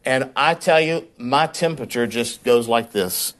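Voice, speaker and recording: Animated storytelling pastor, man. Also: mid-range voice, measured pace. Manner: conversational, animated storyteller, repeats words when worked up. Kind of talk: sermon with personal storytelling.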